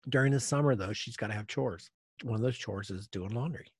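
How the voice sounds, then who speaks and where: Husky middle-aged guy chatting on a podcast, tells stories with lots of energy, dry sound. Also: mid-range voice, fairly quick, no echo. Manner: animated storyteller, acts out quoted voices. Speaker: podcast co-host. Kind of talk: casual chat.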